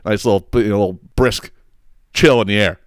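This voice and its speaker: A man's voice: on the low side, fairly quick, no room sound, clean studio sound. A man hosting a podcast, telling a rambling, profane story in a casual monologue, often stumbling over his words and laughing at himself. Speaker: podcast host.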